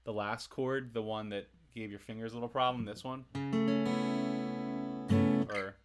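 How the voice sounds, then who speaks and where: He has a lowish voice and talks a little fast, running a casual livestream guitar lesson on how to play a song. Between explanations he chats with viewers, reads their comments, and laughs a lot, all over faint acoustic guitar.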